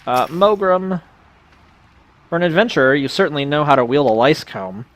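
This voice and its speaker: A man reading out the game lines of a fussy, pun-loving male sheep farmer, a bit theatrical and louder than his own talk. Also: a little high, expressive, normal speed, dry recording, pitched above the performer's own voice. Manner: punning, a little theatrical. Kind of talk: reading game dialogue aloud.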